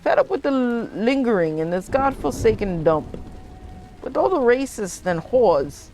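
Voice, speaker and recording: A woman's voice: on the high side, sing-song, a little slow, a little mellow. A woman voicing a blunt, folksy 1940s wife in her thirties who is fed up with her husband. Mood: furious.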